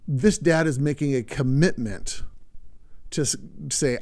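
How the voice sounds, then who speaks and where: A man's voice: medium pitch, measured pace, long pauses, darkish tone. Earnest male podcast host. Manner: earnest, emphatic, repeats words to stress points. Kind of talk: podcast talk.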